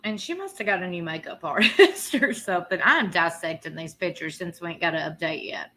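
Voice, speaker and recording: A woman's voice: fairly low pitch, expressive, a little fast, pushed and bright. A woman, hosting a live stream and talking bluntly and sassily, laughing often. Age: 30s. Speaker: livestream host. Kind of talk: casual live commentary.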